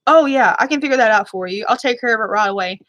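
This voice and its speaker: A woman's voice: a little high, quick pace, fairly bright tone, no room sound, close to an everyday voice. A woman imitating an overly polite female restaurant server with a fake, sugary singsong voice. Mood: fake sweet.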